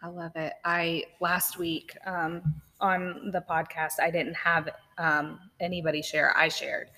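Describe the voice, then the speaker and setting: A woman with a bright, forward tone hosts a casual faith podcast, keeping her pitch fairly level. She affirms her guest often and pauses on small fillers. Her voice rings out with a long reverb from the room. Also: level tone. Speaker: podcast host.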